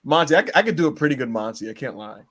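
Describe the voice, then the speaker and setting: A man co-hosting a casual podcast, excitable and teasing, laughing often as he talks. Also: medium pitch, racing. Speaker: podcast co-host.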